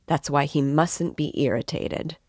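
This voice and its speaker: A woman reading the part of an excitable, tipsy young man who rambles and declaims with passion. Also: low-pitched, a little slow, dry recording, studio quality. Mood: rambling. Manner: impassioned, rambling, emphatic.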